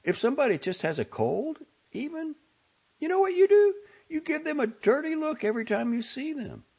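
A man's voice: very high-pitched, sing-song, moderate pace, voice pushed up, full character voice. A man voicing a nervous, exasperated young woman in an audiobook reading, talking sharply and pleadingly. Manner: sharp, pleading, raised in heat. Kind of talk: audiobook character voice. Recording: dull lo-fi audio.

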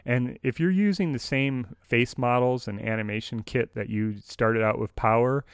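A man's voice: medium pitch, normal speed, clean tone, dry recording, studio quality. Male co-host, chatty and easygoing, mid-range voice. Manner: chatty, laughs often between remarks. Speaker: podcast co-host. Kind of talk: casual chat.

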